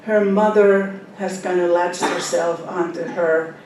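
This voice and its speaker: A woman in her seventies with a Finnish accent, a Finnish speaker, reading her own novel aloud in an unhurried way with soft fillers, then talking about her characters. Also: steady tone. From Finland. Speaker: author. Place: library event hall. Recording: echoey hall, speaker far from the mic, faint rumble.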